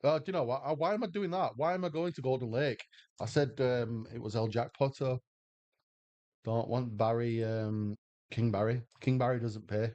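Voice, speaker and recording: A man's voice: medium pitch, fairly even intonation, moderate pace, darkish tone, no echo. An English man livestreaming slots, chatting casually and rambling as he answers viewers' questions aloud. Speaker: slot livestreamer. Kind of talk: casual chat with stream viewers.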